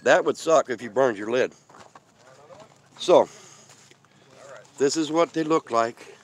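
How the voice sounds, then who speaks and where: A man's voice: medium pitch, slow pace. A man casually chatting on a live stream from an outdoor desert campsite, rambling and talking while he eats. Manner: chatty, rambling, reads out viewer comments; talks while eating. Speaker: van-life vlogger hosting a live stream.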